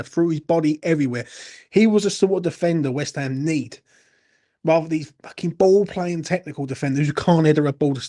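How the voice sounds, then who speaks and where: A young man hosts a late-night football Q&A, a little tipsy and rambling as he answers comments. He speaks bluntly and swears freely, in a voice sitting a bit high for a man. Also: warm tone. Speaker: football channel host. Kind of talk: late-night live Q&A, reading chat comments.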